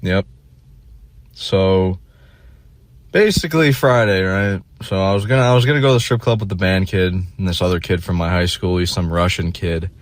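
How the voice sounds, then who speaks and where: A man's voice: deep voice, moderate pace, dry recording. A young man telling a rambling, self-deprecating story in a casual vlog monologue, full of fillers and restarts.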